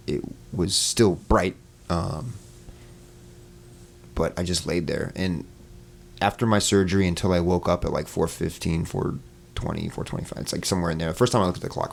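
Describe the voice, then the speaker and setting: A man with a very deep voice tells a story as a podcast guest. He talks casually and loosely, with plenty of fillers, and slips into the voices he quotes. His tone has a gravelly edge. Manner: relaxed, many fillers, acts out quoted voices.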